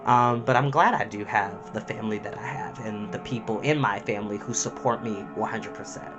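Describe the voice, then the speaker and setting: A man's voice: lowish voice, brisk, highs cut off, over music. A young man talking to camera as a storytime host, emotional and heartfelt, chatty and full of fillers. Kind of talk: personal talk to camera.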